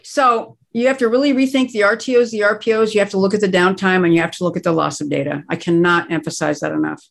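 A woman's voice: medium pitch, fairly even intonation, fast talker, creaky, few pauses. A woman who is a guest expert, speaking in a conversational interview and explaining crisis planning emphatically, stressing her key words.

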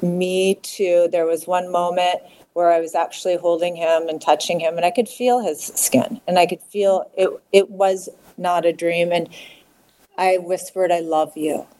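A middle-aged woman speaking candidly as an interview guest, halting and repeating words as she talks. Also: on the low side, steady tone, warm tone, poor audio. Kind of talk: emotional personal interview.

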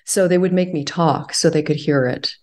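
A woman being interviewed, speaking in a reflective, halting way with frequent fillers and soft laughs. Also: sits low. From California. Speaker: guest. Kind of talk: conversational interview.

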